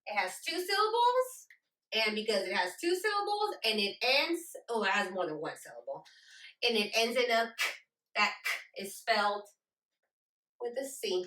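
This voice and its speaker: A woman literacy teacher walks children through a phonics lesson and carefully sounds out each word. Her voice is bright and lively, moving up and down a lot. It has a roomy echo and sits away from the microphone. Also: on the high side. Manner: slow, deliberate, sounds out words. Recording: roomy echo, distant from mic.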